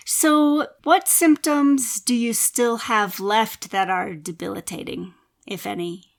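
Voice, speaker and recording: A woman hosting a podcast, gently asking her guest questions. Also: on the high side, fairly even intonation, takes it slowly, creaky. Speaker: podcast host. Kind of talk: interviewing.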